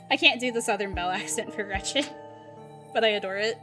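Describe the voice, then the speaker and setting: A woman's voice: mid-range voice, fast, over music. A young woman streaming a game, chatting, laughing and reading the narration aloud. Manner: giggly, chatty, reacting aloud. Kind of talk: live game playthrough with read-aloud narration.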